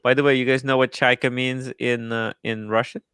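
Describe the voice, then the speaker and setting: A man hosting a casual livestream chat about watches, relaxed and musing. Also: medium pitch, fairly quick, smooth, no echo. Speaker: host of a watch talk show. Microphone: studio microphone.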